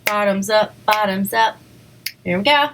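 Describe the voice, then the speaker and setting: A woman hosts a relaxed eating video at home, talking to her viewers between bites. She speaks slowly and in a chatty way, full of "like" and "um," and giggles softly now and then. Her voice sits at a middle pitch. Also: slight background noise, low-quality recording. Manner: chatty, lots of likes and ums, giggly. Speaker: eating show host. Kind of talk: casual mukbang chat to viewers.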